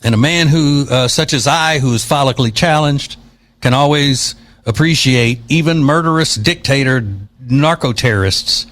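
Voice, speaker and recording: A man's voice: medium pitch, moderate pace, a bit bright. A man hosting an opinion podcast, talking in a sarcastic, mocking way. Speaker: podcast host. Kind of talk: opinion commentary.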